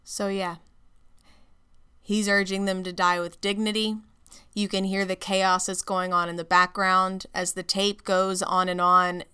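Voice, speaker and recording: A woman podcast host narrating a story in a measured, casual way. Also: lowish voice, sharp tone, clear, resonant tone.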